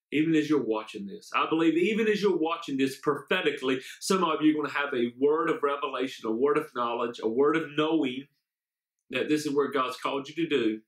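A man's voice: on the high side, a bit bright. A man, a pastor, preaching an online sermon and praying, fervent and often repeating amen and hallelujah. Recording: echoey room.

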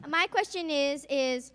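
A woman's voice: high voice, takes it slowly, background noise. A woman fan asking the panel a question, shy and giggly.

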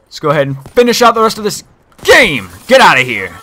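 A young man narrates his match from home with a high, piercing brightness. His pitch swings wildly as he jumps from sarcastic politeness to sudden screams. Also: fairly quick. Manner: excitable, yelps and screams, mock-formal sarcasm. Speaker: gaming YouTuber. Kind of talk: live gameplay commentary.

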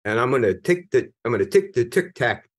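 A man's voice: medium pitch, very animated, fairly quick. A middle-aged American man, a retired Navy senior chief, telling his own story candidly in an interview, earnest and at times emphatic, with frequent restarts. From United States.

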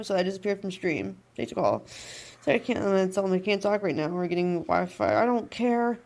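A woman's voice: fairly low pitch, fast talker, creaky, darkish tone. Bitter, foul-mouthed woman venting. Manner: bitter, profane, blunt. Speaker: streamer in a played clip. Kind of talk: casual on-stream venting.

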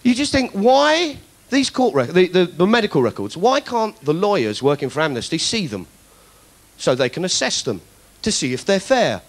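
A man's voice: high-pitched, sing-song, normal speed. A man doing stand-up political comedy, ranting in mock indignation with plenty of swearing. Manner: acts out other people's voices.

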